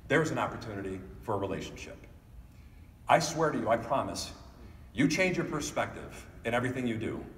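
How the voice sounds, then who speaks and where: A middle-aged man giving a motivational keynote speech, animated, acting out family members in quick voices. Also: mid-range voice, slight background noise. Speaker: keynote speaker. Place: large hall. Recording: echoey hall from far off.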